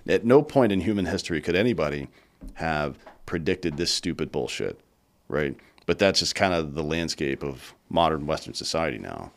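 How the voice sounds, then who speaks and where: A man's voice: very deep voice, lively intonation, normal speed, creaky. A man hosting a podcast, riffing at length in a rambling, profane, casual way. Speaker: podcast host.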